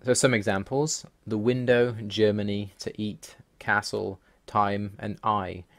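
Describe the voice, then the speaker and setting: A language-learning video host narrates a voice-over to accompany slides, his lowish voice moving little in pitch and running a bit slow. He explains the language rules methodically, one at a time, sounding wry and mildly put out.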